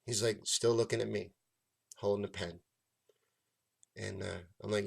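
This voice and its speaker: Gravelly and fairly low, this comedian's voice moves at an unhurried pace. He's a show host spinning a long, profane story, animated throughout and voicing the people in it.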